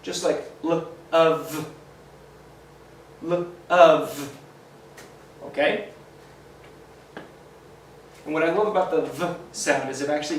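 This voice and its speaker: A man with a slightly high voice teaches children phonics, slowly sounding out each letter and cheering the class on. The mic is at a distance in a roomy, echoing space, with a slight hiss or hum.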